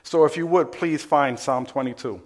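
A man's voice: fairly high pitch, moderate pace. A man, a pastor, preaching a sermon in church and talking with the congregation in a conversational way, asking them questions as he goes.

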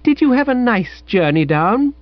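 A man voicing a soppy, wide-eyed young woman with a breathy, sugary manner in an audiobook. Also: very high voice, very animated, moderate pace, no room sound, pitched above the performer's own voice. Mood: gushing wonder. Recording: dull, dry, lo-fi sound.

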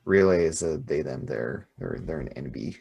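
A man with a very deep, gravelly voice and a husky edge, talking casually at a tabletop game. His pitch swings widely as he muses. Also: expressive, moderate pace, a little mellow. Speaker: player. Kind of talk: casual chat.

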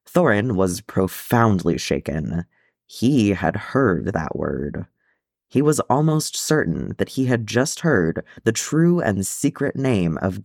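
A man reading a fan fiction chapter aloud in an expressive storytelling manner. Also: fairly low pitch, dry recording, studio quality. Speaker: audiobook reader.

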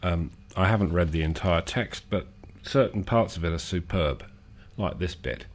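A man hosting a radio show, feeling unwell, reading long absurd lists in a dry, measured deadpan. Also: low voice.

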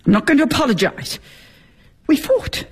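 A woman's voice: high voice, very animated, moderate pace. An actress playing a bitter, sarcastic middle-aged wife and mother in a radio drama. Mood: bitter, grieving. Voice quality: cutting, sarcastic.

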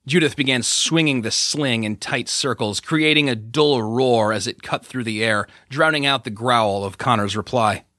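A man narrating an audiobook in an even, expressive storytelling manner. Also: mid-range voice, normal speed, hardly any pauses, dry recording, studio quality.

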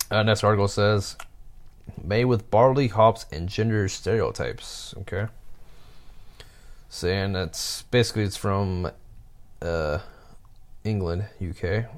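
A man reading stories aloud and commenting on them, with halting asides and chuckles. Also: low-pitched, steady tone.

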